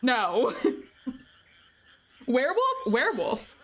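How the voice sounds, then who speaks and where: A woman's voice: a little high, lively intonation, measured pace, fairly bright tone. A woman in her forties streaming a visual novel read-through, playful and chatty with her viewers, often breaking into laughter. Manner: playful, talks directly to viewers. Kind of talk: casual live-stream chat.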